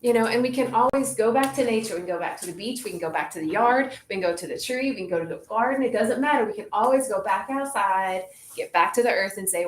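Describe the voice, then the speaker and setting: A woman leading a group in a relaxed, reflective way, often saying "like". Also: medium pitch, fast talker, few pauses. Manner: relaxed, reflective, says "like" a lot. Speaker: group facilitator. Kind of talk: casual wellness group talk. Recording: echoey room, faint noise.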